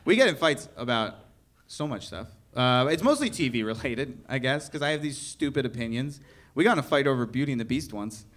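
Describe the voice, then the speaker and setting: A man's voice: mid-range voice, lively intonation, a little fast, a bit bright. A young man performing a stand-up comedy set, ranting in mock outrage to a live crowd. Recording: live venue with audible audience laughter. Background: audience laughter.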